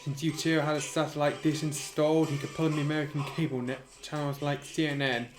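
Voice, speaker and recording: A man reading fan fiction aloud in a deadpan way, adding sarcastic asides and stumbling over the text. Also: a little high, fast talker. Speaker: reader. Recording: echoey room, music behind.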